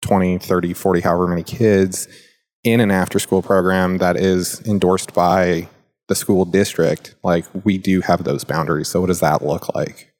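A man co-hosting a casual talk about mentoring, relaxed and asking open questions with lots of "like" fillers. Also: sits low, moderate pace. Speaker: podcast co-host and youth mentor. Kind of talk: casual discussion.

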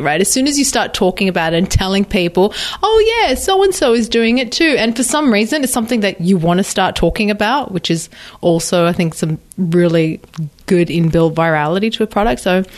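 Woman cohosting a podcast, casual chatty friend talk, lots of likes and ums. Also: on the low side. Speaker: podcast co-host. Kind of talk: casual chat.

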